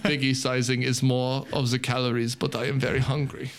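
A man's voice: mid-range voice, little pitch movement, brisk, lightly acted. A man imitating a famous filmmaker, musing. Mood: brooding. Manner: musing, solemn narration. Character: famous German filmmaker musing with gloomy gravity.

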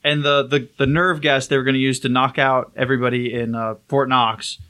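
A man's voice: medium pitch, flat delivery, a little fast, bright, forceful tone. A man on a casual podcast, retelling a film's plot in a loose, rambling way with plenty of filler words. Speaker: podcast co-host.

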